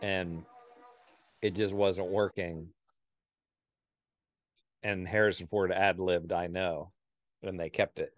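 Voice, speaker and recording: A man's voice: deep voice, fairly even intonation, slow, long pauses, no echo. A man chatting casually through a movie commentary, laughing often and trailing off mid-sentence. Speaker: film commentator.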